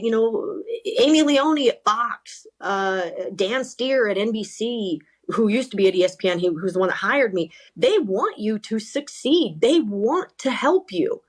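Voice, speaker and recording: A middle-aged woman, a sideline reporter, telling stories in a podcast interview, animated and full of restarts. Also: on the high side, normal speed. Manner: animated, self-correcting, lots of repeated starts. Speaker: sideline reporter and talent coach.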